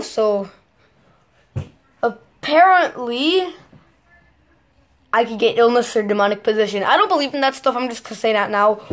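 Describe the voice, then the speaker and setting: Chatty young-sounding woman vlogger. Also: fairly high pitch. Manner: chatty, rambling, jumps between excited and mumbled asides. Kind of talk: casual chat to camera.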